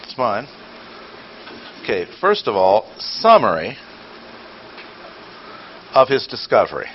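A man's voice: lowish voice, wildly swooping pitch, unhurried. An older man giving a teaching sermon. He fires off rhetorical questions, bursts into emphasis and drops dry, sarcastic asides. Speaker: preacher or Bible teacher. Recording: dull lo-fi audio with faint noise.

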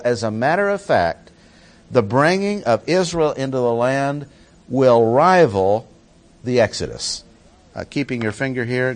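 A man teaching through a Bible passage verse by verse, stressing key words by repeating them. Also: mid-range voice.

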